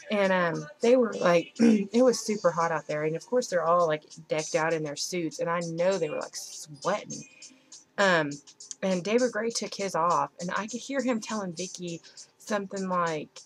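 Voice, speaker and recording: A woman's voice: fairly low pitch, poor audio. Gushing young woman fan, chatty. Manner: chatty and gushing, lots of "like", acts out quoted people. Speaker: vlogger. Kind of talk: casual chat.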